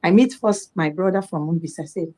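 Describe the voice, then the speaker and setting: Her voice sits lowish and moves briskly. This middle-aged woman with a Nigerian accent is a guest on a live talk program, recounting something from her own life with animation and performing what others said to her.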